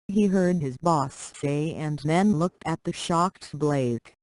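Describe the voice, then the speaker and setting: A text-to-speech voice narrating a short story with a flat, synthetic delivery. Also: mid-range voice, takes it slowly, few pauses.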